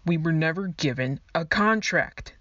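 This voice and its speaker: A woman's voice: sits low, lively intonation, measured pace, fairly bright tone, no echo, heavily acted. A woman voicing an irritable, tense young man who snaps at others. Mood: irritated. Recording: dull lo-fi dry recording.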